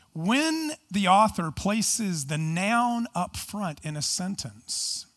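A man with a high-pitched voice delivers a sermon as a pastor. He preaches earnestly and emphatically, leaning on rhetorical questions. He also shifts into explaining the text in a teaching tone. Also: fairly bright tone.

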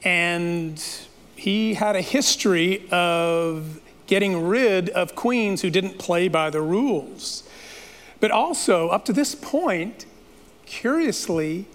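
A man's voice: sits high, expressive, slow. A man preaching a sermon, retelling a story in a dramatic, playful way with asides to the listeners. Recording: long reverb of a large hall.

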